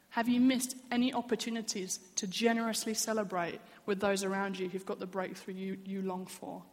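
Woman preaching in an echoey hall. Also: medium pitch. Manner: earnest, candid, personal storytelling. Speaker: church speaker. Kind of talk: sermon. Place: church.

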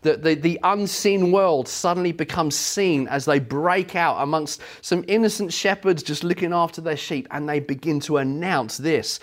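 A man's voice: a little high, moderate pace, hardly any pauses. A man preaching a sermon, earnest and emphatic, telling stories to make his point.

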